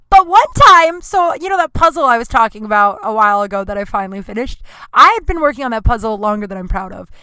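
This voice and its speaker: A woman hosting a casual solo podcast, telling stories in a profane, animated way with sudden loud outbursts. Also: medium pitch, clear, resonant tone, no echo. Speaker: podcast host.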